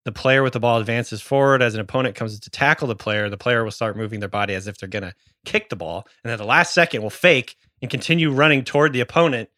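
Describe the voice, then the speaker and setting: A man's voice: mid-range voice, fast talker, few pauses, bright, forceful tone, no room sound, studio quality. A man co-hosting a casual podcast, explaining slang and joking that he is mangling a pronunciation. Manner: explains slang terms, self-deprecating about pronunciation. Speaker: podcast co-host.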